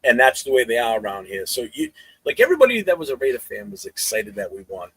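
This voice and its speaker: Guy on a podcast, husky, swings his pitch all over, dry close sound. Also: fast talker, dry recording, low-quality recording. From New England. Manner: profane storytelling, animated. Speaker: podcast co-host. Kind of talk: casual podcast chat.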